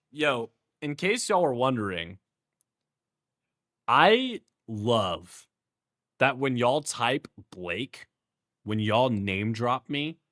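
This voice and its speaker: A man's voice: medium pitch, a bit bright. A playful, goofy young man with a Houston accent, chatting casually with his stream viewers in heavy slang and laughing often.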